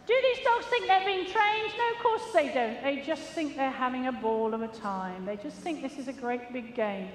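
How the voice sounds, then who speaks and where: A woman's voice: high voice, lively intonation, moderate pace, hardly any pauses. A woman, a gundog trainer giving a chatty, jokey, self-mocking commentary during a live arena demonstration. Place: large indoor show arena. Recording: echoey hall with long reverb, faint noise.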